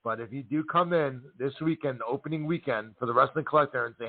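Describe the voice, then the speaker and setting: A man's voice: medium pitch, lively intonation, quick pace, few pauses. Sleep-deprived man on a tinny line. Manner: apologetic, laughing, sleep-deprived rambling. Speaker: podcast co-host. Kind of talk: casual chat.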